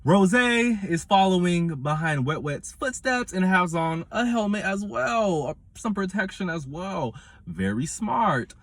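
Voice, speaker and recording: A man, reviewing a reality show in casual commentary with animated, dramatic retelling. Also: sits high, unhurried, few pauses, no room sound.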